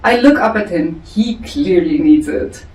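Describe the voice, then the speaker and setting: A woman reading her own story draft aloud to a family member, chatty and quick to laugh. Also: on the low side. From South Africa. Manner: lively, laughing, chatty asides. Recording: echoey room, far from mic, faint music.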